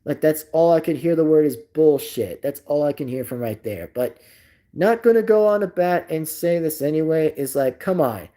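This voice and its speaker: A man's voice: on the high side, animated, normal speed, dark tone. A man live streaming in casual chat, rambling and repeating himself, swearing indignantly at a rude comment.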